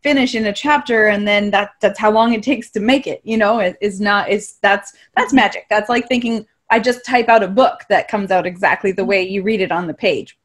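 A woman author interviewing a guest in a relaxed, conversational, agreeable way. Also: mid-range voice, fairly quick, hardly any pauses.

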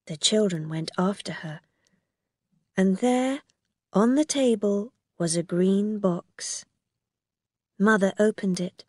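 A woman narrating a graded-reader story in a clear, measured storytelling manner. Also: medium pitch, a little mellow, dry recording, studio quality.

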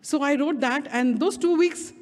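A woman's voice: sits high, a little mellow. Impassioned Indian woman preaching in a hall. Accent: Indian English. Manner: impassioned, stretches key words slowly. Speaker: guest speaker. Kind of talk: sermon. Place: church prayer hall. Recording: reverberant hall.

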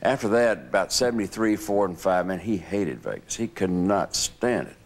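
A man's voice: sits low, animated, normal speed. An older man in an interview, reflecting on past times and joining in the shared stories. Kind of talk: reflective reminiscing.

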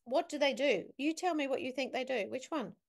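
This woman's voice is high and fairly quick. A business academic on a podcast, she recounts a story in conversation with vivid emphasis, asking the listener questions.

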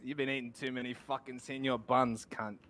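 A man's voice: medium pitch, little pitch movement, brisk, fairly bright tone. A man playing in an online role-play game, teasing and mocking the other player with casual swearing.

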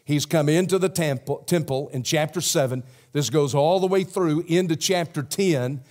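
A man with a Southern accent preaching a sermon as pastor, swinging from loud emphasis to a hushed prayer. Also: fairly high pitch, normal speed. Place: church sanctuary.

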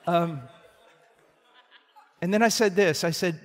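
A man in his sixties preaching a sermon, moving between forceful emphasis and hushed tones and repeating his key phrases. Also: high-pitched, steady tone, a little slow, pauses often, a little hiss or hum. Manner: dramatic swings from loud emphasis to hushed tones. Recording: long hall reverb.

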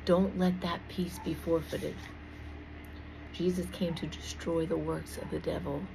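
A woman's voice: deep voice, flat delivery, measured pace, creaky, noisy background. A woman preaching informally to her online viewers in an earnest, emphatic way, often calling them "guys".

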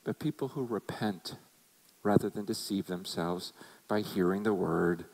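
A man's voice: low-pitched, unhurried, gravelly, a little mellow, rough recording. A man preaching a sermon as a pastor, conversational and emphatic, acting out quotes as he goes.

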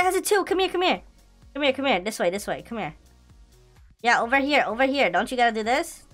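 Brief: high-ish, bright woman narrating gameplay, excitable and loud, faint game music behind. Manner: excitable, laughing, pleading and shouting. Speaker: gaming video creator.

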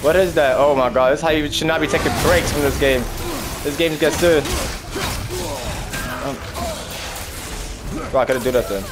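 A man's voice: a little high, moderate pace, pauses often, over loud music. Exasperated young man playing a game. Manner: frustrated, exclamatory, swearing. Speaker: gaming streamer. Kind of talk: casual gameplay commentary.

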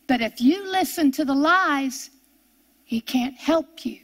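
An older woman preaching a sermon, drawing out key words for emphasis and then slipping into quick, chatty asides. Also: sits high, animated. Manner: emphatic, drawn-out preaching with sudden fast asides.

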